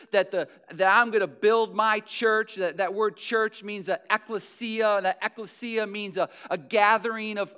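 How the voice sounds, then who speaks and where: Bright-voiced man preaching a sermon. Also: high voice, clean tone. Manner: earnest, conversational, frequent restarts and repeated words. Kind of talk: sermon retelling scripture.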